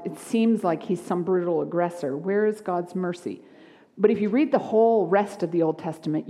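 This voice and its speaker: A woman pastor preaching a sermon, moving between hushed, quiet lines and lively, animated ones. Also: fairly low pitch, long reverb tail. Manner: expressive, shifts from hushed to lively. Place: church sanctuary.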